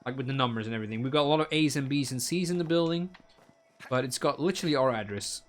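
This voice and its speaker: A man's voice: medium pitch, quick pace. A man streaming a game, rambling through a story in casual chat with lots of fillers and acted-out quotes. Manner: rambling anecdote with many fillers and voiced quotes. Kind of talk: casual chat while gaming.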